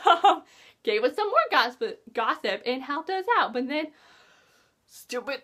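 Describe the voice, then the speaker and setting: Woman, high voice, swooping all over, excitable, gushing, chatty book vlog. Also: unhurried. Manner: gushing, excitable, lots of "like" fillers. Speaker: book reviewer. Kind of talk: casual book-talk vlog.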